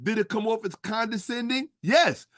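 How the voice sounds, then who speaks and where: A streamer and history commentator lectures in a casual stream, his voice sitting high and expressive with a fairly bright tone and moderate pace. He's emphatic and profane, firing rhetorical questions at his listeners. The recording is dry and sounds clean, like a studio.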